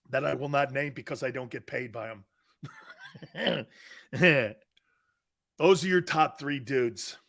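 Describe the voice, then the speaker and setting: Middle-aged guy hosting sports talk, talks slow, sarcastic, swears, yells now and then. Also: mid-range voice, vocal fry. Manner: brash, sarcastic, swears, jumps to shouted outbursts. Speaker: sports talk show host. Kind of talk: opinionated sports radio talk.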